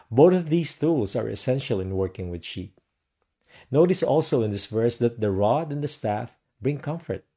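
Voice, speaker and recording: A man giving a devotional sermon in a slow, measured way, letting his phrases trail off softly. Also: on the low side. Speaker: preacher.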